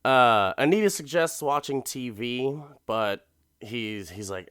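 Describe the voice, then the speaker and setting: A man's voice: medium pitch, expressive, takes it slowly, fairly bright tone, clear, resonant tone, dry recording, clean studio sound. A man hosting a podcast who recaps an episode in a rambling, profane way and laughs often. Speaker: podcast host.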